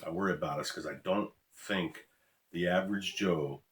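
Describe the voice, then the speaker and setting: Deep-voiced, blunt man ranting. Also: normal speed, a bit bright. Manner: blunt, profane, preachy warnings. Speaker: former law enforcement officer, channel host. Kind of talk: ranting monologue to camera.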